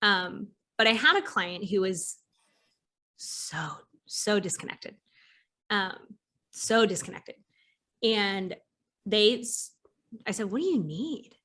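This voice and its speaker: Animated woman therapist hosting a chat. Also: mid-range voice, slow pace, pauses often. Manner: animated, swears casually, acts out clients' voices. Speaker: podcast host and therapist. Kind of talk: casual conversational interview.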